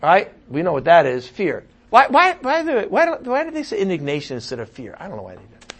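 Animated male preacher, lively swings. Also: high-pitched, fast, husky. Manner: animated, swings from loud emphasis to muttered asides. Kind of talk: sermon.

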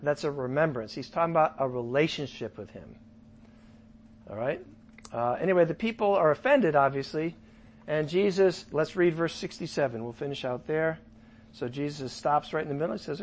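A man preaching a casual sermon, asking his listeners questions and joking as he teaches. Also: a little high. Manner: animated, asks the audience questions, jokes. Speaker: pastor. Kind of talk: sermon Bible study.

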